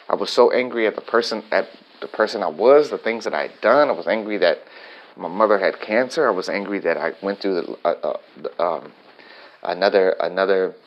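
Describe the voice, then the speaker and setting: A man with a fairly low voice talks through his own life in a loose, reflective monologue. He rambles candidly, circling back and restarting sentences as his thoughts catch up. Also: dull audio.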